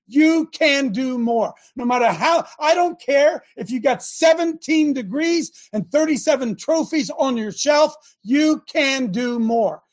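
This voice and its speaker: Husky older man, fiery shouting preacher. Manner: impassioned, swings between yelling and low muttering. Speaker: host and preacher.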